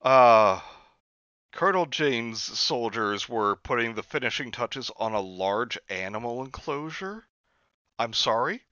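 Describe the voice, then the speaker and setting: A man's voice: medium pitch, expressive, unhurried, pushed and bright, smooth, no echo. A man reading a story aloud for comedy, with sarcastic asides, on a slightly dull lo-fi recording. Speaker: reader.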